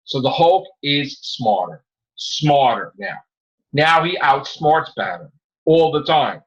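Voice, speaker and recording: Excitable swearing man, muffled lo-fi sound. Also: a little high, slow. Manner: excitable, rambling, swears a lot, retells scenes. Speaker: podcast host. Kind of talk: casual comic book chat. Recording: dull lo-fi recording.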